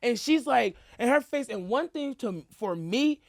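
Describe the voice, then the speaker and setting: A woman's voice: fairly high pitch, animated, measured pace, vocal fry, dry recording, clean studio sound. A woman co-hosting a casual talk show, chatting freely and acting out what other people said in a mocking tone. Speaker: podcast co-host. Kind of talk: casual chat.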